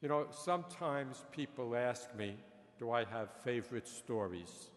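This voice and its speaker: A man preaching a sermon as a priest, telling stories and jokes slowly and chuckling at his own punchlines. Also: medium pitch. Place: large church. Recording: long church reverb.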